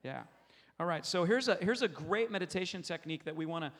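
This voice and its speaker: A man preaching a sermon who leads a scripture meditation, speaking earnestly and emphatically and dropping to a slow, soft hush for the guided parts. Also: high-pitched, expressive, long reverb tail. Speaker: pastor.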